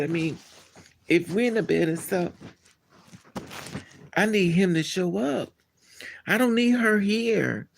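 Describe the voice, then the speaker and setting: A man hosting a casual live stream, answering his chat in a blunt, candid and animated way. He laughs often and trails off mid-thought. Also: on the high side, vocal fry, slight background noise.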